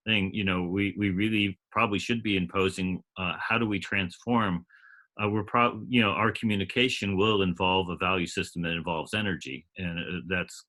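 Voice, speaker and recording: A man's voice: sits low, fairly even intonation, moderate pace, pushed and bright. A man in a casual group call, thinking aloud with many restarts and fillers. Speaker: call participant.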